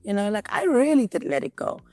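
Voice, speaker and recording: A woman's voice: medium pitch, fairly quick, no echo, faint music behind. A South African woman giving a candid interview, switching between English and Zulu and acting out what others said. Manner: animated retelling, acts out quotes. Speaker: guest.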